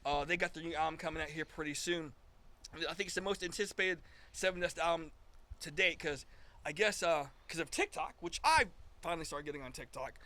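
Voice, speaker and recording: A man's voice: fairly high pitch, fairly quick, sharp tone. A man in his fifties, a guest musician, telling stories in a casual chat, acting out quoted dialogue with frequent restarts.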